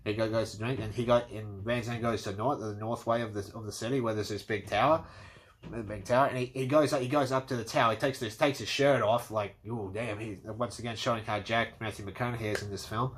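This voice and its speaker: A man's voice: fairly low pitch, fairly even intonation, quick pace. Guy hyped up reviewing a movie, swears a lot, acts out the scenes. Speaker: movie commentator. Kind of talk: casual movie review monologue.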